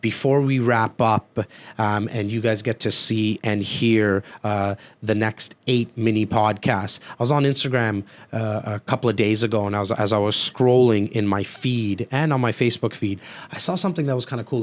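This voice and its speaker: A man hosting a podcast, talking casually and warmly with lots of fillers and restarts. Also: on the low side, normal speed. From Canada. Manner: chatty, many restarts and fillers. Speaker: podcast host. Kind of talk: casual chat.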